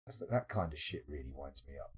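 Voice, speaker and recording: A man's voice: a bass voice, expressive, a little fast, darkish tone, husky. A British man streaming late at night, chatting casually and answering his viewers' comments, rambling and swearing with lots of restarts. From United Kingdom. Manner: rambling, sweary and jokey, with frequent restarts and laughs. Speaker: live streamer.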